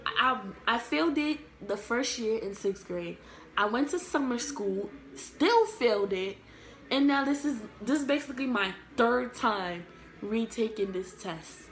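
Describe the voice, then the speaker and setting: A young adult woman telling a story from her school days to camera, rambling and full of fillers. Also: on the high side. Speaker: vlogger. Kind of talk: casual storytime. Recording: echoey room.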